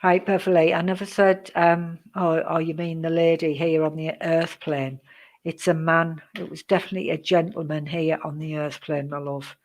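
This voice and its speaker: A woman giving psychic readings on a live stream, chatty and rambling, greeting viewers by name, with many pauses and "um"s. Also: sits low, level tone, darkish tone. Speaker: psychic reader.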